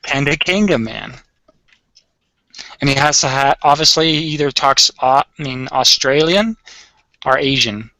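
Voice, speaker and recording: Bright-voiced young man, joking around. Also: medium pitch, lively intonation, measured pace, vocal fry, pauses often, no echo. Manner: joking, rambling with fillers. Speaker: animation collaborator. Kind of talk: casual chat.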